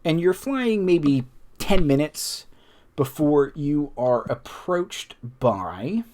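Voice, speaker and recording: Slow, halting male game master. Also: a little high, big pitch swings, darkish tone. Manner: halting, full of fillers and restarts. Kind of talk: narrating a tabletop game.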